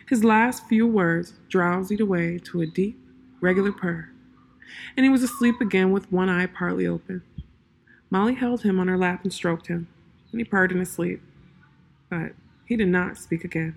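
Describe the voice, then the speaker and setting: A woman reading a fantasy story aloud in a calm, measured narration. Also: lowish voice, creaky, breathy edge.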